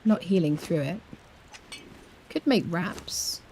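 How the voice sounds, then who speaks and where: A woman's voice: fairly low pitch, expressive, takes it slowly, darkish tone, a little hiss or hum. A woman streaming a survival game, chatting playfully with her viewers and laughing often. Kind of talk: live game commentary.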